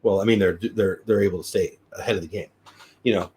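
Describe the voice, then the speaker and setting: A man's voice: low voice, steady tone, fast talker, darkish tone, husky. A middle-aged man hosting a daily live news show, rambling upbeat chat and thanking viewers by name. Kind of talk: casual live-stream chat.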